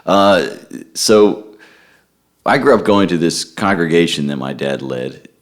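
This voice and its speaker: A man being interviewed, talking in a relaxed, rambling way and often restarting with repeated words. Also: deep voice, takes it slowly. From United States. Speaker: guest musician. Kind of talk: casual interview chat.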